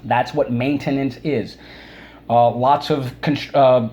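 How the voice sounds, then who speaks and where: A man's voice: mid-range voice, steady tone, a little mellow, highs cut off. A man teaching a recorded vocabulary lesson for children, drawing out syllables and coaxing students to repeat words. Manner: drawn-out syllables, coaxing repetition.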